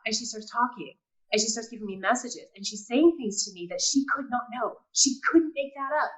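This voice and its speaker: A woman telling a personal story in casual talk, animated, acting out quotes and often laughing. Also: on the high side, fairly quick, rough recording. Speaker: guest.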